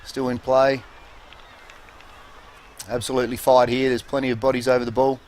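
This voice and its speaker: A man with an Australian accent commentating a local football game in a relaxed, halting way with many fillers. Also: medium pitch. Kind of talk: casual sports commentary. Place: commentary box at an outdoor oval.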